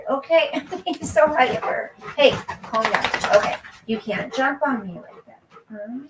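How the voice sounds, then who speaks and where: A woman's voice: high voice, lively intonation, a little slow, noisy background. A woman in her fifties hosting a casual late-night live chat, reading viewer comments aloud and answering them. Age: 50s. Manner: coos baby talk to her dog.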